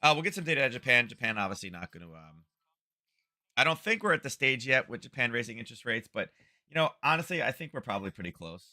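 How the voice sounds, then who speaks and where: A man's voice: mid-range voice, big pitch swings, fast, bright, forceful tone, dry recording, studio quality. A middle-aged man hosting a live trading show from home, giving casual market commentary in a chatty, rambling way full of fillers and restarts.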